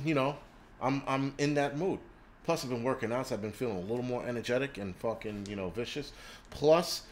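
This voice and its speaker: A man's voice: mid-range voice, a little hiss or hum. A man hosting a prepping channel, ranting on a livestream and swearing constantly in a crude, combative way. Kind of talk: profane livestream rant. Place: indoors in a city.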